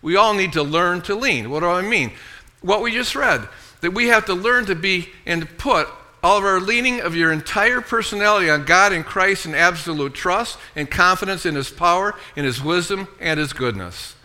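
A man preaches a sermon with a very bright, ringing tone. His voice sits a little high, and he keeps drawing the congregation into call-and-response. He reads scripture in a lower, softer voice. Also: lively intonation, moderate pace. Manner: preaching with call-and-response, frequent "amen" and "okay". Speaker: pastor.

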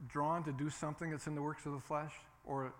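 A man's voice: a little high, little pitch movement, fairly quick, slight background noise. A man preaching a sermon as pastor, emphatic and repetitive, leading the congregation to say lines with him. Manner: emphatic, repeats phrases, calls for congregation responses.

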